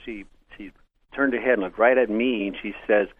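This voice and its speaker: An older man, a real estate investor, telling animated stories in casual chat, loud when quoting people. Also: lowish voice, fairly quick, husky. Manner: animated anecdotes, voices quotes loudly. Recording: tinny phone-like radio broadcast.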